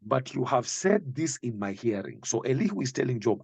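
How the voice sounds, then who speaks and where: A man preaching a sermon, reading and explaining Bible verses slowly and emphatically, speaking directly to the listener. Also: medium pitch, sing-song, creaky, husky, no echo.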